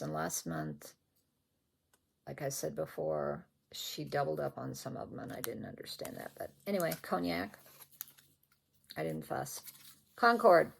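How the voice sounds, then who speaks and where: A woman's voice: low voice, gravelly, a little mellow, slightly rough. An older woman vlogging about her stitching at home, rambling and chatty and often correcting herself as she shows off her threads. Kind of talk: casual show-and-tell chat. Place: at home indoors.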